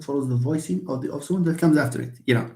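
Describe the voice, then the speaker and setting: A man's voice: a little high, fast talker, a little mellow. A man giving a university linguistics lecture, hesitant, with many fillers and restarts. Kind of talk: lecture reviewing phonology. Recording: echoey room.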